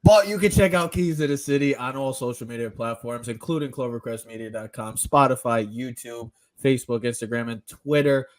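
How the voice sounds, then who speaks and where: A man hosting a sports podcast, teasing his co-hosts and announcing the rundown with energetic hype. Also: medium pitch, brisk, hardly any pauses. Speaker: podcast host. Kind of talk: casual chat and show rundown.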